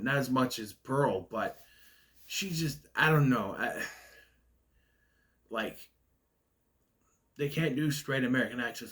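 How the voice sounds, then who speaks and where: A man giving a casual spoken film review in a ranting, nitpicky way, with a stutter that makes him stall on words. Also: medium pitch. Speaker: movie reviewer.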